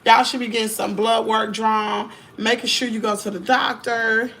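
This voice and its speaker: A hoarse woman with a Southern US accent, chatting to viewers in her home kitchen on a phone livestream. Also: fairly high pitch, little pitch movement, normal speed, a bit bright. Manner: chatty, talks straight to viewers, says y'all a lot. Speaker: livestream host. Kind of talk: casual livestream chat while cooking.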